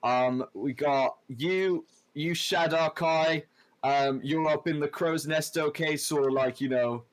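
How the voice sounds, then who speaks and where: A man running a tabletop game as game master, rambling and filling pauses with ums. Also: fairly high pitch. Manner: rambling, many filler words.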